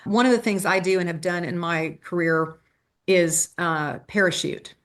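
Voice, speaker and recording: Storytelling woman trial lawyer, low voice. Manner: animated storyteller, quick asides and restarts. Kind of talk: interview guest telling stories.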